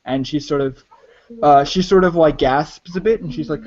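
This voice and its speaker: A man's voice: on the high side, moderate pace, darkish tone. A man narrating as game master of a tabletop game, talking hesitantly with many restarts. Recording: dull lo-fi audio.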